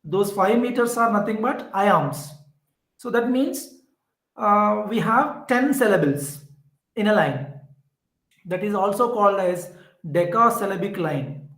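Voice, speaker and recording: A man with an Indian English accent teaches an online class at a very unhurried pace. He says key points twice and fills pauses with "uh." His voice rings out in an echoey room. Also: high voice, lively intonation, fairly bright tone. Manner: slow, repetitive explaining with fillers.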